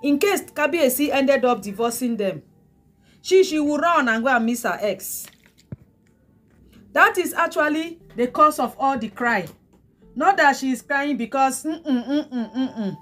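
A woman's voice: high-pitched, expressive, a little slow, a bit bright, faint music behind. A woman with a Nigerian accent giving mocking gossip commentary to her viewers, repeating herself and breaking into laughter. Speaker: celebrity gossip vlogger.

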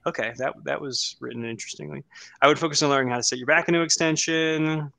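A man's voice: medium pitch, quick pace, vocal fry, pushed and bright. A man co-hosting a casual chat, reviewing lifting form with joking asides and lots of restarts. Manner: chatty, joking, many fillers and restarts. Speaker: strength coach co-host.

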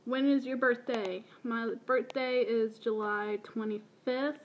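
Slow and fairly even in a high register, this video blogger from Baltimore, in her early twenties, answers questions in a casual voice meme. Her light accent drifts as she makes self-deprecating asides. The audio is dull, with a little hiss or hum.

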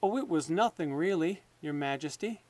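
A man's voice: fairly high pitch, lively intonation, normal speed, darkish tone, distant mic, close to an everyday voice. Storybook soldier: a man doing a nervous, loyal major, deferential and placating. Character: anxious loyal male army major.

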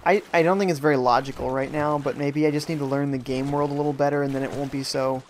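A man's voice: fairly high pitch, fairly even intonation, fast talker, a little hiss or hum. A man giving live commentary on a video game, joking and reading viewer chat aloud from home. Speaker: gaming streamer. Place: at home during a rainstorm.

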